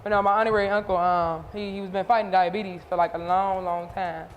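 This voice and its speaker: A woman interviewing a singer in casual chat, telling stories with lively, animated delivery. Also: mid-range voice, fast talker, long reverb tail, muffled recording, a little hiss or hum. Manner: animated storytelling, voices others. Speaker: interviewer and showcase host.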